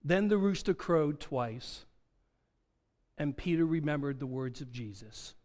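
A man's voice: on the high side, expressive, measured pace, darkish tone. A man preaching a sermon, dramatic, asking rhetorical questions and acting out quoted dialogue. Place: church sanctuary. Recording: long hall reverb.

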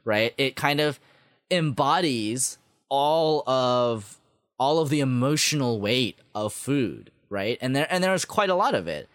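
A man's voice: mid-range voice, animated, a little slow, a bit bright, no room sound. Man, casual chat, lots of fillers and restarts, enthusiastic, dry close mic. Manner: rambling, filler-heavy, enthusiastic. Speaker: podcast co-host discussing an anime.

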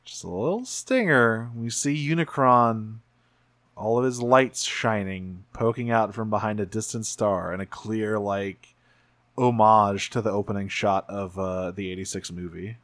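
A man's voice: on the low side, unhurried, a bit bright, no room sound. A man co-hosting a podcast, recapping episodes in casual chat, rambling with lots of restarts and fillers. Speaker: podcast co-host recapping a cartoon series.

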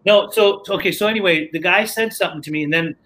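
A man's voice: sits high, fast talker, pushed and bright, rough recording. A man casually telling a story from his recovery, rambling with lots of fillers and restarts.

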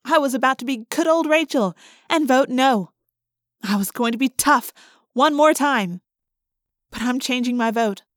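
A woman's voice: high-pitched, moderate pace, long pauses, dry recording, studio quality. A woman reading a first-person storybook aloud and voicing the emotional dialogue expressively. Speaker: audiobook narrator.

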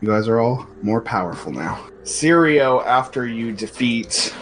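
A man acting as game master, explaining rules and story in a relaxed, lightly wry way. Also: mid-range voice, measured pace, a little hiss or hum, low-quality recording. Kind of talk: running a tabletop game session.

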